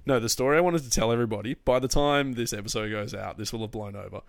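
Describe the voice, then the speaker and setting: A young man, co-hosting a podcast in a relaxed, joking way and laughing often. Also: medium pitch, fast, gravelly, no echo. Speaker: podcast co-host. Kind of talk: casual chat.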